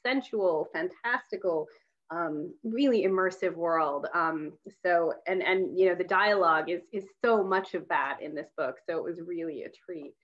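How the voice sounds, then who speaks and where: A woman's voice: on the low side, moderate pace, highs cut off. A woman interviewer talking casually and enthusiastically, with lots of fillers and restarts, over a video call. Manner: rambling, many fillers, enthusiastic. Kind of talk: casual conversation.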